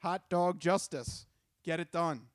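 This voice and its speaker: A man's voice: on the high side, takes it slowly, clear, resonant tone, no echo, clean studio sound. A man co-hosting a podcast in casual chat, joking, laughing often and trailing into restarts. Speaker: podcast co-host.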